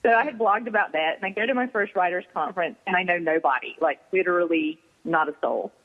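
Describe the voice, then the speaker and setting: A woman's voice: lowish voice, quick pace, narrow, tinny audio. A woman romance author telling a story on a radio talk show and acting out the people she quotes. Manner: lively, acts out quoted people. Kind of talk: casual storytelling on a radio interview.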